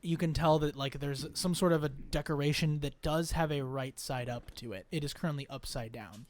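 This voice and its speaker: A man's voice: fairly high pitch, normal speed. A man running a tabletop game as game master, describing scenes in a rambling way full of fillers.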